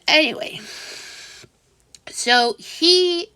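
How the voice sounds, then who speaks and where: A woman casually telling a story in a vlog, halting and restarting often, growing exasperated as she goes. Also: high-pitched, pushed and bright, no room sound. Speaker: vlogger.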